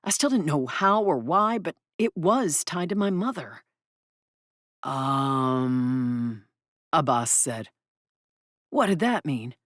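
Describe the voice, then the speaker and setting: A woman narrating an audiobook in the first person, in an expressive, brisk way. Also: medium pitch, husky, no room sound, clean studio sound.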